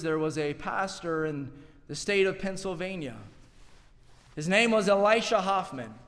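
A man preaching a sermon with fervor, stumbling over and repeating words, swinging between loud and hushed. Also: high-pitched. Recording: long reverb of a large hall.

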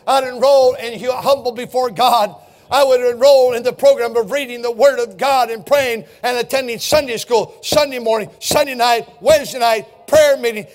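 An older man preaches from the pulpit in a strikingly high voice. His delivery is impassioned, pressing each point and swelling into shouts as he exhorts his congregation. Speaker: pastor. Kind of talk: fiery sermon.

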